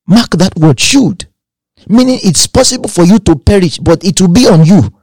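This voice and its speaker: A man preaches an emphatic sermon, stacking repeated phrases and reading scripture aloud. His voice sits a little high for a man and has a husky grain. The recording is dry and close, with little room sound. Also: lively intonation, a little fast, warm tone, no room sound.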